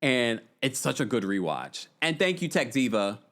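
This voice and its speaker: A man's voice: medium pitch, very animated, normal speed, a bit bright. A man hosting a casual livestream recap, chatting and reading viewer messages aloud. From United States. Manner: chatty, reads viewer super chats aloud. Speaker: podcast host.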